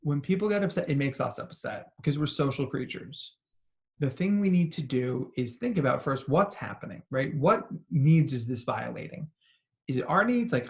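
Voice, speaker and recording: A man, a psychologist, giving an animated talk to parents and educators, telling stories and asking questions. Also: on the high side, moderate pace. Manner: animated storytelling with acted quotes and asides. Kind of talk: expressive talk to an audience.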